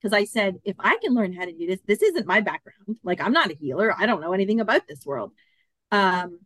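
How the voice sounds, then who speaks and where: Animated woman storyteller, dry close sound. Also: mid-range voice, brisk, no room sound. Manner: animated, acts out quoted dialogue. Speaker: podcast guest. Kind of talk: storytelling in an interview.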